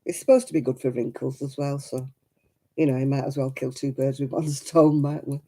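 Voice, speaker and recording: Her voice is bass-deep and dark, with fairly even intonation and a fairly quick pace. This middle-aged Lancashire woman, with a matching accent, runs a crafting live stream, coughing through a rough throat while she laughs, chats casually and welcomes viewers by name.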